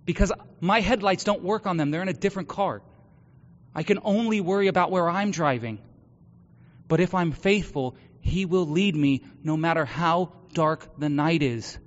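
A man with a high, bright-pitched voice preaches in an earnest, personal way, dropping to hushed confession before rising to loud exhortation. The sound is dull and lo-fi, carried by a long reverb off a large hall. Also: moderate pace. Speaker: pastor. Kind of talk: sermon.

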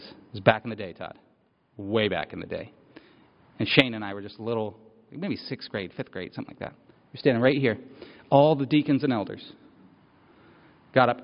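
A man preaching a story-driven sermon in an easy, conversational way, leaning on repeated phrases as he builds intensity. His voice rings with a long hall reverb. The recording sounds a little dull. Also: mid-range voice.

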